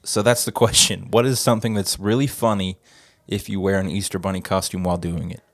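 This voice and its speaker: A man's voice: low-pitched, fairly even intonation, brisk, no room sound, clean studio sound. A man hosting a casual podcast chat, joking and laid-back as he asks the questions. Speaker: podcast host asking the questions.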